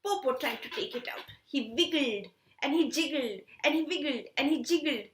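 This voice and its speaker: Woman storyteller for kids; high, bright, slow and animated, recorded in an echoey room. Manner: animated, asks children questions. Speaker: storytelling teacher. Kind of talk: storytelling for children.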